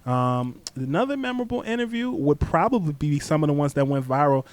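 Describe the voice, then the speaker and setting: A young man guesting on a sports talk podcast, telling stories in an animated way with frequent restarts. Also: fairly high pitch, a little fast. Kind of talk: casual chat.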